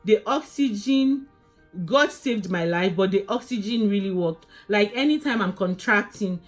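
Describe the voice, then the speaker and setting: A woman vlogging her labor story in a casual, animated way, often calling viewers "guys" and restarting her sentences. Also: medium pitch.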